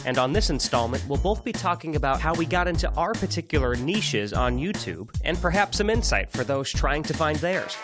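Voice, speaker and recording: A man's voice: a little high, very animated, a little fast, hardly any pauses, music in the background. A man co-hosting a casual podcast, talking in a loose, rambling way. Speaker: podcast co-host and YouTuber.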